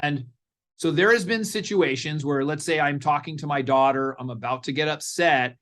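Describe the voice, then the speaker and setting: A middle-aged man, a parenting coach guest in a podcast interview, telling stories in an animated way and acting out what people said. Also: on the high side, moderate pace. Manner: animated storyteller, acts out quotes.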